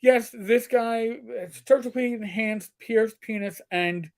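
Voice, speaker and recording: Gravelly and very high-pitched, this middle-aged man speaks unhurriedly while co-hosting a casual chat. He tells stories laced with crude jokes, sometimes switching into put-on voices.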